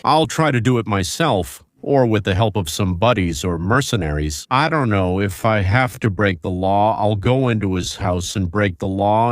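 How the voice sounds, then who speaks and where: A male host delivers opinionated political commentary in a low voice. He builds his points through rhetorical questions and scenarios aimed at the viewers. The recording is dry and close. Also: no echo. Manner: rhetorical, addresses viewers directly with hypotheticals.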